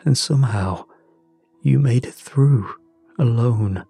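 A man voicing a pale, exhausted male scientist in his fifties who speaks in a hushed, strained voice that catches. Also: mid-range voice, takes it slowly, creaky, breathy edge, dry recording, faint music behind, heavily acted. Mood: hushed, shaken.

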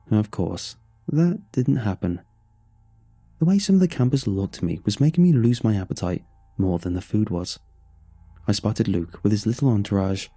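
A man narrates a first-person story and reads the dialogue in a plain, low-key way. His voice is very dark and husky. The room sounds dry, with faint music underneath. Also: dry recording.

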